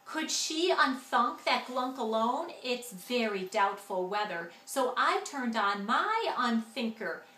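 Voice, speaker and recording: A woman reads a rhyming picture book aloud in a sing-song way, with a bright, high voice that swings up and down. The reading carries in an echoey room with a faint hum of ambience behind it. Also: big pitch swings, takes it slowly, few pauses. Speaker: storyteller.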